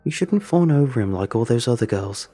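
A man's voice: mid-range voice, animated, brisk, mellow, breathy edge, soft background music. A man voicing a teenage schoolgirl who speaks in a sombre, earnest way. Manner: sombre, pleading.

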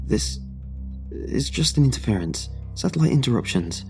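A man's voice: mid-range voice, big pitch swings, normal speed, darkish tone, faint music behind, pitched above the performer's own voice. A man doing a curt, dismissive team leader. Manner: curt, brushing off worry.

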